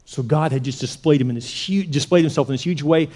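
A male pastor preaching a sermon in an animated way, swinging from loud punches to hushed near-whispers. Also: a little high, quick pace.

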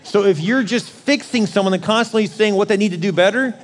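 Middle-aged male pastor, conversational sermon, higher register, long hall reverb. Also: a little fast, slight background noise. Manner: conversational, acts out quoted voices.

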